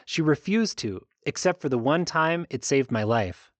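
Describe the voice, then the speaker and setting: A man's voice: fairly high pitch, expressive, moderate pace, dry recording, natural voice. A man reading an audiobook, voicing a passionate young woman heroine who speaks up with urgent, indignant force. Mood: earnest, urgent.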